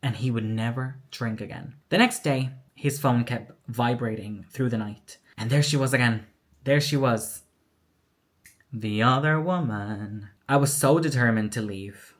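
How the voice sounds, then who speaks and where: Her voice is rumbling low and a little slow as this vlogger opens up about a personal experience. She tells it candidly and emotionally, performing the quoted dialogue of other people.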